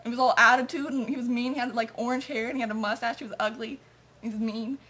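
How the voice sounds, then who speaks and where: A woman with a high voice tells a story in a loose, confessional way. She rambles from one thing to the next and strings it together with "like" and "and so". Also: fairly even intonation, quick pace, a bit bright, slightly rough. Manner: rambling, lots of "like" and "and so".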